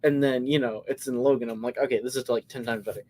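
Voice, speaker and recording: A man co-hosting a live podcast in a casual movie review chat, retelling scenes with lively acted-out quotes. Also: mid-range voice, fast talker. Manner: animated storyteller, acts out scenes. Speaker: podcast co-host.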